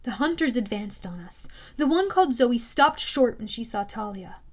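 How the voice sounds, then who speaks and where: Audiobook read by a woman with a high voice, steady and plain. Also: normal speed. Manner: steady storytelling with small self-corrections. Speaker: audiobook narrator. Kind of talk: audiobook narration.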